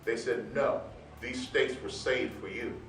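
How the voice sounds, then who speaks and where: A man's voice: mid-range voice, fairly even intonation, a little slow. Man preaching a testimony in a roomy church. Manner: storytelling, swelling to loud proclamation. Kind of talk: sermon testimony. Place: church sanctuary. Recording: roomy sound from far off with music.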